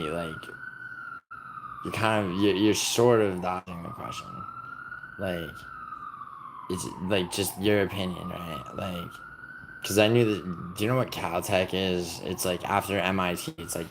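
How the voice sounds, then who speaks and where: A young man from the United States talks loosely to his livestream audience, teasing commenters and rambling in a low, gravelly voice. His speech is full of "like" and restarts. A faint hiss of noise sits under the recording. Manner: rambling, heavy on "like", teasing viewers. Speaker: livestream host. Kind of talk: casual livestream chat reading comments.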